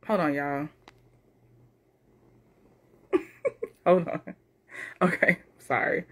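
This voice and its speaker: A woman hosting a casual live stream, reading viewer comments aloud and reacting with animated chatter and frequent laughter. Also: low voice, drawn-out words.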